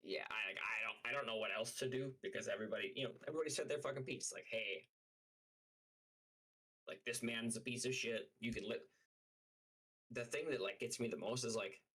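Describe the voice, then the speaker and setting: A man's voice: medium pitch, fairly quick, long pauses, pushed and bright, breathy edge, low-quality recording. A man streaming live, telling a story as a heated, profane rant full of fillers. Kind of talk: casual livestream rant.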